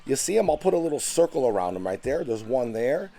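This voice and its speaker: A man vlogging outdoors beside his backyard koi pond, talking casually and eagerly into a handheld phone camera, his voice jumping up on the exciting bits. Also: fast, creaky. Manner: enthusiastic, chatty, pitch jumps up on exciting points. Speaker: fish keeper vlogger. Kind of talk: casual show-and-tell vlog.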